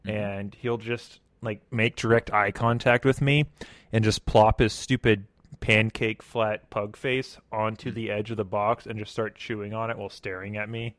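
A man's voice: lowish voice, fairly even intonation, moderate pace, a bit bright, no echo, studio quality. Laid-back man chatting casually. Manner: laid-back, rambling storytelling. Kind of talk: casual chat.

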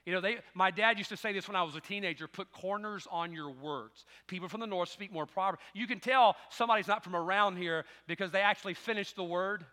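Middle-aged southern pastor preaching, high bright voice, folksy stories then fired up, church hall echo. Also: male voice, quick pace, few pauses. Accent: Southern American. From Southern United States. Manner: folksy storytelling, rises to emphatic preaching. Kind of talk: sermon.

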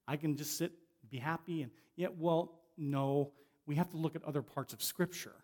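A middle-aged man gives a sermon as a guest preacher, his voice sitting a little higher than most men's. He talks in a conversational, unpolished way, repeating and restarting words as he goes. He slows right down on the points he wants to land. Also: steady tone, a little mellow.

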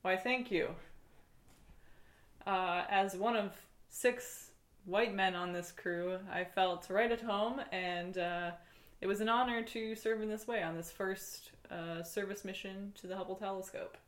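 A woman's voice: mid-range voice, natural voice. A woman playing an earnest male shuttle captain. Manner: halting, formal, with many fillers. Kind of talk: improvised comedy.

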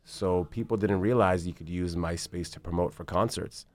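A deep-voiced man in his thirties who works as a basketball agent speaks at normal speed in a casual interview. He rambles animatedly through his story, peppering it with swearing.

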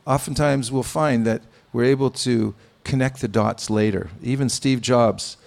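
Man, devotional sermon, gravelly voice, measured pauses, gentle humor. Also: mid-range voice, fairly even intonation. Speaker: spiritual teacher. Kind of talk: sermon with anecdotes.

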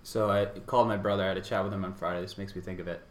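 Low-voiced man, chatty podcast co-host, rambling anecdotes, echoey room. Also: steady tone, racing. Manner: rambling anecdotes, acts out quoted exchanges. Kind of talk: casual chat. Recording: roomy echo.

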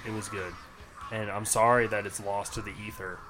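Man, podcast co-host, laid-back, drawn-out casual talk. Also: fairly low pitch, little pitch movement, noisy background.

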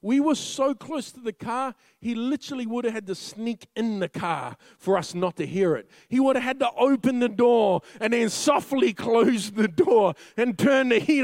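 A young man preaching a sermon as a funny story, lively and laughing often as he tells it. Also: very high-pitched, moderate pace, hardly any pauses, no room sound.

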